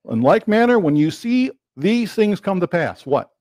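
A man preaching a sermon, quoting scripture and acting out questions and answers in lively back-and-forth. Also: high voice, normal speed, hardly any pauses, dry recording, studio quality. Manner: animated, quotes scripture and acts out rhetorical dialogue.

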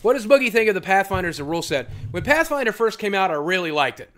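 A man's voice: high voice, sing-song, fast, a bit bright. A man chatting casually on his livestream with a voice that sits somewhat above the usual male range. He rambles from one thought to the next, talks bluntly with plenty of swearing, and answers questions from chat as he goes. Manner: blunt and profane. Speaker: livestream host.

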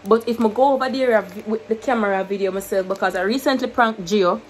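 A woman's voice: mid-range voice, a little fast, slight background noise, poor audio. A young woman with a Jamaican accent chatting casually to her camera, mixing English with patois and laughing often. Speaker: YouTuber. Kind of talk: casual vlog chat to camera.

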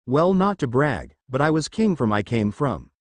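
A man's voice: medium pitch, big pitch swings, normal speed, no room sound, close to an everyday voice. A man voicing a gloating monster king. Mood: gruff teasing. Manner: gloating, calls the boy whelp. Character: boastful giant male monster king, teasing. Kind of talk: storybook reading.

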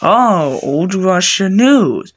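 A woman voicing every character of a homemade cartoon, excitable and broken in her phrasing, jumping between squeaky highs and gruff lows. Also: very slow. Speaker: fan animator voicing all characters.

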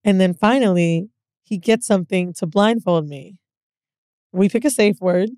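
A woman's voice: mid-range voice, measured pace, dry recording. A young woman co-hosting a podcast, telling a candid story in casual chat and acting out what people said. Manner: candid, animated storyteller who acts out quotes. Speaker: podcast co-host.

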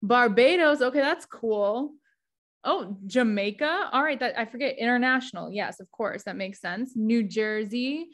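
A young woman from Wisconsin presents to an online audience over a video call. Her voice sits a little high, and she talks in a loose, friendly way with frequent ums and uhs. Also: a little slow. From Wisconsin, USA. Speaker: guest presenter. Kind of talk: casual webinar presentation.

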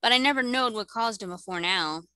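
A woman voicing an old, plain-spoken sailor man who talks slowly in a folksy way. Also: a little high, bright, forceful tone, no echo, clean studio sound, voice pushed up. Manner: slow, folksy drawl.

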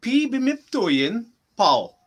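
A man teaching in a casual chat, patiently repeating phrases slowly for his learner. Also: very high-pitched, very animated. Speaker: language teacher.

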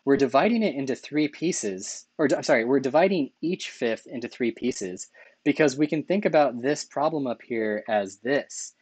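A man's voice: mid-range voice, expressive, moderate pace, a little mellow, husky, no room sound. A man teaching a math lecture over slides, enthusiastic, correcting himself often and asking "right?" as he goes. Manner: enthusiastic, self-correcting, asks rhetorical questions with "right?".

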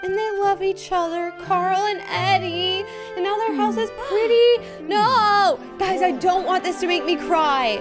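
A woman's voice: extremely high pitch, a little slow, few pauses. A woman hosting a reaction video, exclaiming, gasping and giving ratings as she reacts to clips. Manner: exclamatory, gasping, easily moved. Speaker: video host. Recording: loud clip music playing under the voice.

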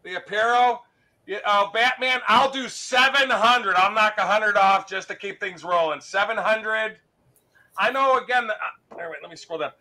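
A man with a high, very bright and forceful voice, pitching comic art for sale live. He talks in quick salesman patter and keeps repeating his prices. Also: poor audio.

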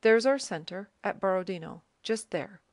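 A woman's voice: medium pitch, animated, moderate pace, darkish tone, no room sound, studio quality, natural voice. A woman reading the lines of a self-assured male army officer who eagerly explains and points things out, in an audiobook. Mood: explaining.

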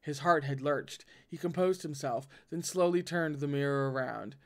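A man's voice: on the high side, normal speed. A man reading a novel aloud and breaking off to react in a dramatic, swearing manner. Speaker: audiobook reader and reactor.

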